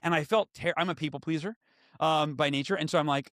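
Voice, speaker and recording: A man in his forties telling stories as a podcast guest and author, lively and acting out what others said. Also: fairly high pitch, quick pace, dry recording, clean studio sound. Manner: animated, acts out quoted voices. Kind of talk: storytelling in conversation.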